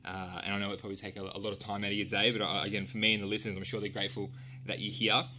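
A male podcast host running a casual interview with friendly, playful rapid-fire questions. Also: lowish voice, flat delivery, bright, forceful tone, a little hiss or hum.

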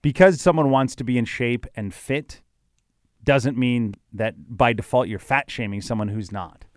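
A man's voice: medium pitch, normal speed, no room sound, clean studio sound. A man co-hosting a podcast, agreeable and reflective in casual chat. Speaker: podcast co-host.

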